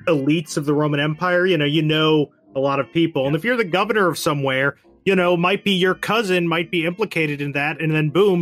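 A man with a slightly raised voice co-hosting a casual history podcast. He chats in a wry way and is quick with puns and side jokes. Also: fairly high pitch, a bit bright. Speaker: podcast co-host.

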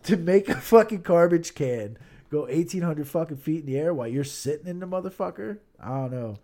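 A man co-hosting a podcast in casual, profanity-heavy chat, excitable and quick to laugh loudly, on a podcast microphone. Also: a little high. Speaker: podcast co-host.

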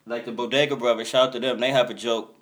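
A man's voice: mid-range voice, steady tone, fast talker, a bit bright. A young man on a podcast, chatting casually and telling loose stories from touring, laughing often and acting out his friends' lines. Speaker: touring musician.

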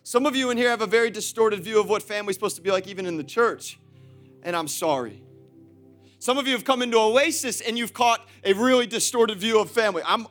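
A man pastor preaching an energetic, repetitive sermon in a church, laughing often. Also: high-pitched. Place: church auditorium.

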